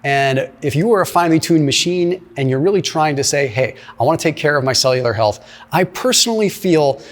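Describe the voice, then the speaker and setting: A man giving energetic nutrition commentary, explaining at length and often checking in with "right?" and "okay?". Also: fairly high pitch, fairly quick. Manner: emphatic, explanatory, peppers speech with "right?" and "like". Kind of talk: commentary reacting to a clip.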